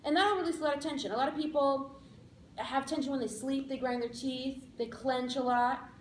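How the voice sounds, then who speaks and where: A woman giving a playful, upbeat speech of practical advice to a speaking club, with emphatic slowed-down lines. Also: high-pitched, steady tone. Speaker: public speaker. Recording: echoey room, faint background noise.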